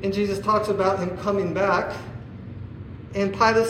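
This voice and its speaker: A man preaching a sermon, asking his listeners rhetorical questions and often pausing on "uh". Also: sits high, flat delivery, a bit bright, slight background noise. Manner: asks the listeners rhetorical questions, with many "uh" fillers. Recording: echoey room.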